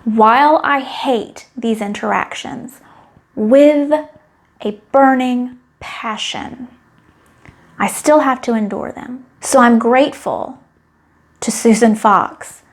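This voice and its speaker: A woman's voice: a little high, slow. A middle-aged woman talking to camera in a candid, wry and emotionally open personal monologue. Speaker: vlogger.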